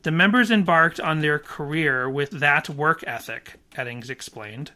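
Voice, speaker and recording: A man hosting a podcast, casually reading an article aloud with quick asides and chuckles. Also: fairly high pitch, bright, forceful tone. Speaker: podcast host.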